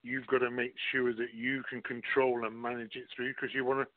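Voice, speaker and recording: A man's voice: medium pitch, little pitch movement, normal speed, no room sound. A man who works as a recruiter, a guest on a talk show, explaining his approach through worked examples. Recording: tinny phone line.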